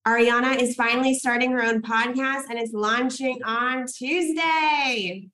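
A woman's voice: high voice, unhurried, fairly bright tone, poor audio. Upbeat, hyped young woman coach. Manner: enthusiastic, hyped, swears casually. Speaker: podcast coach and host. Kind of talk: live workshop hosting.

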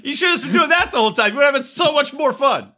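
A man's voice: extremely high pitch, animated, fast talker, bright, forceful tone. A man co-hosting a podcast, chatting crudely and joking, laughing often. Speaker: podcast co-host. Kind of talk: casual comedic chat.

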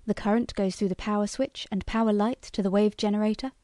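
A woman voicing an eager young male toy demonstrator who makes a salesman's pitch and then confides. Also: steady tone, brisk, mellow, no room sound, studio quality, close to an everyday voice. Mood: selling.

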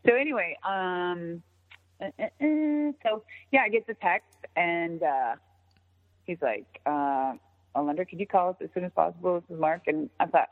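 A woman telling a story in casual chat, animated and profane, often jumping into an excited high voice. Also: moderate pace. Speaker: podcast guest. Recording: tinny phone-line sound with long reverb.

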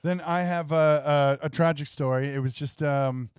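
A man's voice: a little high, fairly even intonation, moderate pace, clear, resonant tone, no echo, studio quality. A man co-hosting a podcast, laid-back and chiming in with brief replies. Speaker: podcast co-host. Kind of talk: casual podcast chat.

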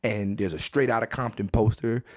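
A man's voice: fairly low pitch, moderate pace, no echo. Profane, dry-miked male comedy podcaster. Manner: profane, animated, repeats himself for emphasis. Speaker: podcast host. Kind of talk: comedic storytelling monologue. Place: his second bedroom at home.

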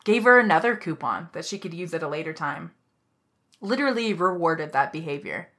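On a casual podcast, a young woman tells a work story in a heated, animated way, swearing plenty. Her voice is fairly low and she talks fairly quickly.

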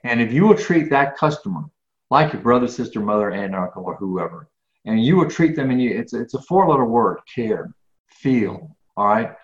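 A man's voice: mid-range voice, lively intonation, normal speed. Emphatic middle-aged man, echoey lo-fi line. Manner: emphatic, many restarts and repeats. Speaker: guest speaker. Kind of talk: conversational interview. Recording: echoey, dull lo-fi sound.

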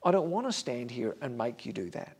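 A male pastor preaching an earnest sermon, dropping to a hush on key lines. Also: medium pitch, very animated, a little fast, breathy edge. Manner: standing before a congregation.

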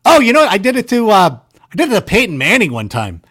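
A man casually telling stories on a podcast, animated and self-deprecating, filling his talk with "like" and "you know". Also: high voice, quick pace. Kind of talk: casual storytelling chat.

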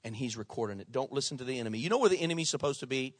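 A man's voice: medium pitch, lively intonation, rapid-fire, no echo. A male pastor preaching a sermon with passion and conversational humor.

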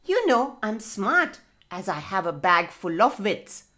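A woman's voice: mid-range voice, big pitch swings, measured pace, bright, forceful tone. A woman voicing a proud, boastful male fox who talks in a bossy way in a children's story. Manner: boastful and bossy, whining when stuck.

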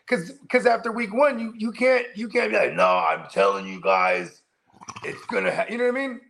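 A co-host of a casual fantasy football chat speaks in a very high-pitched, fast, creaky, slightly bright voice. He rambles and swears, tacking "you know what I mean" onto his lines.

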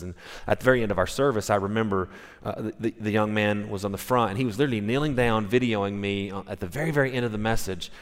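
A male pastor giving a sermon, telling stories in a conversational, animated way, with restarts and acted-out quotes. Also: lowish voice. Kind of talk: sermon storytelling. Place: church sanctuary. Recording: long reverb in a large hall.

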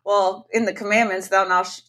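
A woman's voice: medium pitch, level tone, a little fast, a bit bright. A woman hosting an interview show, talking frankly and casually and now and then swearing lightly. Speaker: interview host. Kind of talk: conversational interview.

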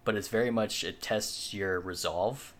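A man with a somewhat low voice talks loosely on a podcast. He rambles and circles back, leaning on fillers and the occasional swear. A faint hiss sits under his voice. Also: measured pace, a bit bright. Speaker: podcast co-host. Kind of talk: casual chat.

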